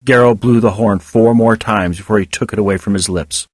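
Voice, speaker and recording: A man narrating a serialized children's story as an audiobook with expressive storytelling. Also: fairly low pitch, a little fast, no echo, clean studio sound. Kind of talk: audiobook reading of serial fiction.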